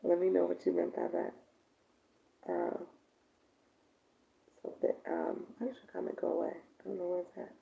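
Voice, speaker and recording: A woman's voice: lowish voice, level tone, normal speed, creaky, pauses often. A woman coaching on a live stream in a casual chat, laughing often as she reads out viewer comments. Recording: dull lo-fi stream audio.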